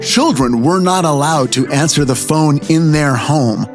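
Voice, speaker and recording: A man's voice: a little high, unhurried, soft background music. A man in his fifties hosting a podcast, telling stories in a conversational way and talking straight to his listeners. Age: 50s. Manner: animated, conversational, addresses listeners directly. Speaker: podcast host. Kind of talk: storytelling narration.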